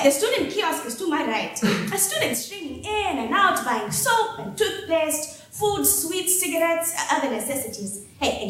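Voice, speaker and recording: A woman performing a dramatic first-person story in a staged reading, expressive and wry, heard in an echoey theater hall. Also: high voice, slight background noise.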